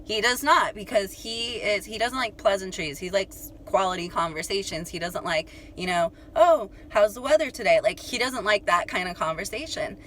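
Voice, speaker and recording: A young woman telling a story to her viewers in a chatty, animated way, full of "like" and "you guys". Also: medium pitch, moderate pace, few pauses, slight background noise. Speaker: astrology channel host.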